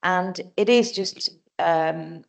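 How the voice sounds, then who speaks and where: Low, gravelly-voiced woman councillor. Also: drawn-out words. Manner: hesitant, with many "um"s. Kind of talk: council meeting speech. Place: council chamber.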